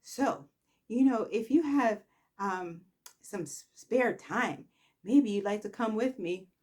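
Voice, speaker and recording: A woman's voice: mid-range voice, takes it slowly, darkish tone. A woman voicing a proud soap-opera daughter who acts breezy and unbothered while seething. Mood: coy. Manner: breezy, airy, falsely nonchalant. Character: proud, scheming soap daughter feigning calm.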